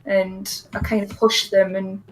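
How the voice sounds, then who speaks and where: A woman's voice: mid-range voice, level tone, unhurried, slight background noise, poor audio. A woman playing a tabletop game, hesitant, with many ums. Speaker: player.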